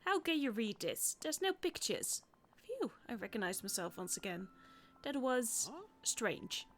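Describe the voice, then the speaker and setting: A woman's voice: fairly high pitch, very animated, unhurried, fairly bright tone, a little hiss or hum. A woman voicing a boastful, vain male hunter while reading game dialogue aloud, full of old-timey slang.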